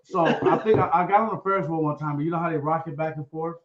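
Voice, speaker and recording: A man's voice: on the high side, steady tone, fast, crowd noise. Teasing co-host man in an echoey room. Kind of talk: casual live-stream chat. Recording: roomy echo on dull lo-fi audio.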